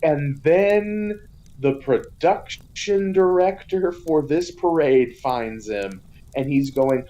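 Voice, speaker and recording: A woman speaking in an unhurried, drawn-out way and chatting casually as a podcast co-host. Her voice sits a little low for a woman, and she fills her talk with "like" and swears freely. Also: dark tone, muffled recording. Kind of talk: casual movie recap chat.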